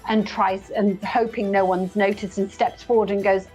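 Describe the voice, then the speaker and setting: A woman at an ordinary middle pitch describes what her character does in a loose, rambling way. She fills her sentences with casual likes and ums. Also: level tone, moderate pace, hardly any pauses, darkish tone, soft background music, poor audio. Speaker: player. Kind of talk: narrating own character's actions.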